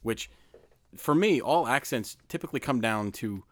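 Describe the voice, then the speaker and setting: A man's voice: medium pitch, animated, normal speed, no echo. A man co-hosting a podcast in easygoing casual chat, laughing at himself. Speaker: podcast co-host.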